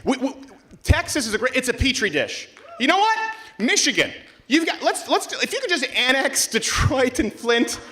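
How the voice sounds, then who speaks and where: A man's voice: very high voice, sing-song, moderate pace, sharp tone, a little hiss or hum. A man hosting a live comedic talk show in front of an audience, brash and sarcastic, slipping into mocking voices. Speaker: host.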